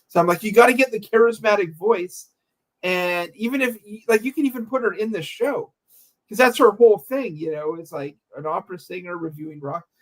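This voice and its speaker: A man's voice: sits high, fairly quick, poor audio. A man in casual podcast chat, rambling with many likes and anyways.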